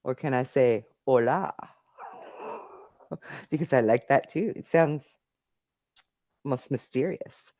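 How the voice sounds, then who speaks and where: A woman's voice: very deep voice, slow, pauses often, dark tone, dry recording, lo-fi sound. A middle-aged woman hosting a live call-in stream, chatting casually and reading viewer messages aloud. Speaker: live call-in show host.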